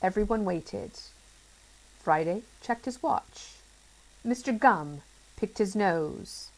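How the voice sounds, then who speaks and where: A woman reading a children's chapter book aloud in an expressive, playful storytelling manner. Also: mid-range voice, slow, low-quality recording.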